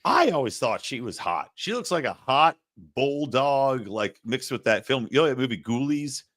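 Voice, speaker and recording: A man's voice: mid-range voice, sing-song, moderate pace, a bit bright, no echo, studio quality. A man co-hosting a TV review podcast, chatting casually with crude, joking humor. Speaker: podcast co-host. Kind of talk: casual chat.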